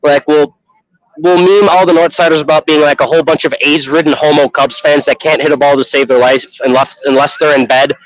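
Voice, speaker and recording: A man's voice: a little high, fairly even intonation, a little fast. A man from Chicago streaming from an outdoor festival on his phone, rambling in casual, profane chat and laughing often. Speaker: live streamer. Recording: dull lo-fi phone audio.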